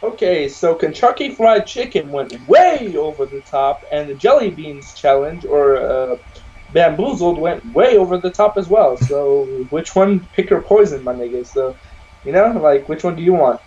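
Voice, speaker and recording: High-voiced slangy young man, lo-fi call. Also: expressive, moderate pace, husky. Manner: loud, swearing, slangy, laughing a lot. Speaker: podcast co-host. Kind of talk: casual chat over a call. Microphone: video call.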